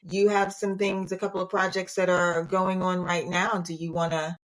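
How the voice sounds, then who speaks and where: A woman's voice: on the low side, level tone, normal speed, fairly bright tone. A woman hosting a casual interview, asking questions in a searching, curious way. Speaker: podcast host.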